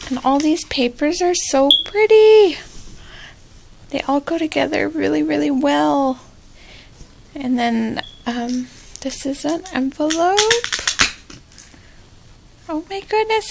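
A woman's voice: high voice, takes it slowly, gravelly, background noise. A young woman unboxing a gift in a casual vlog, gushing and repeating how cute everything is, emotional and close to tears. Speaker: vlogger opening a gift.

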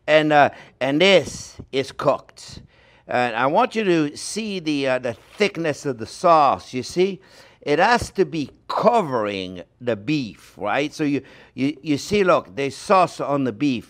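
A lively French-accented chef talks viewers through a dish, chatty and playful, tossing in little sound effects. His voice sits a bit higher than most men's. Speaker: cooking show host, chef teaching. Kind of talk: casual cooking demonstration.

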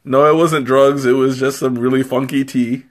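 Speaking at a moderate pace in a mid-range voice with a level tone, a man tastes tea on a live stream. He rambles casually, giggles a lot and mocks himself, all while spicy tea makes his nose run.

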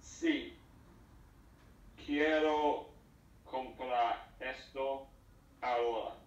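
A man's voice: mid-range voice, fairly even intonation, drawn-out words. Hesitant male learner, distant and dull. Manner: hesitant, careful, words come in short chunks. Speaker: student. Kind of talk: answering lesson drills. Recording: dull distant echoey audio.

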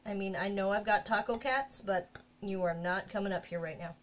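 This is a relaxed live-stream chat from a woman's home craft space, where she works and talks to her cat along the way. She speaks at medium pitch and a moderate pace.

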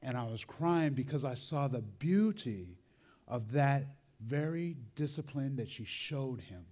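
A man's voice: medium pitch, lively intonation, measured pace, dark tone. A man preaching a sermon, telling a personal story in a conversational way and tagging his lines with "right?" and "man".

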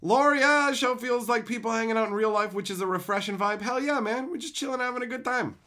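A man live-streaming as he opens card packs and reads viewer messages aloud, in profane, excitable, rambling banter. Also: very high-pitched, fairly quick.

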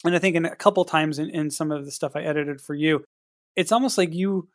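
A man's voice: on the high side, no echo, studio quality. Hesitant man chatting on a podcast. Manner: measured, hesitant, many fillers and restarts. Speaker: podcast co-host and editor. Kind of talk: casual podcast chat.

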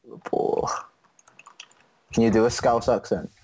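A man's voice: mid-range voice, steady tone, measured pace, mellow. A man chatting casually while playing an online drawing game, drawling and self-deprecating, laughing along. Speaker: co-host of gaming channel. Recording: faint background noise.

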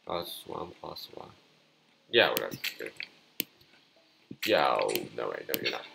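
An excitable man narrates his own card game, repeating phrases and calling out to his opponent. His pitch leaps up and down as he reacts. The recording is noisy, with mouse clicks underneath. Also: slow pace, gravelly. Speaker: gameplay commentator. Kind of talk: casual live gameplay commentary.

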